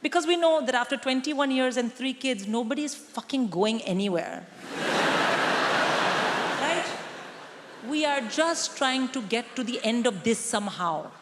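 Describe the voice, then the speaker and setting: A woman in her forties works a theatre crowd with dry, punchy storytelling. Her voice sits a little high. Long hall reverb and clear audience noise surround her handheld mic. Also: expressive, a little slow, pauses often. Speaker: stand-up comedian. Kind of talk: stand-up comedy set. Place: large theatre stage.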